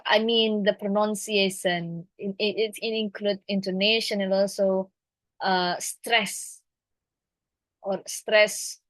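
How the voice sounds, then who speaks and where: A woman English teacher with an Indonesian accent, teaching a class hesitantly with many fillers and pauses. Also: mid-range voice, fairly bright tone, dry recording, poor audio.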